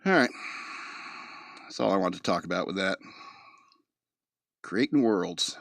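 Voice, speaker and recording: A man's voice: low voice, lively intonation, unhurried, gravelly, a bit bright, dry recording. Man, mid-Atlantic American accent, podcast host, loose joking monologue, dry recording. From East Coast of the United States. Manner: rambling, joking, laughs often. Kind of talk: casual monologue.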